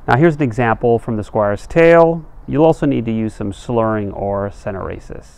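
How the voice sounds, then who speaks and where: A man giving a slow, deliberate lecture on poetic meter, sounding out words syllable by syllable. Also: on the low side, animated, vocal fry, a little mellow. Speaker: literature teacher.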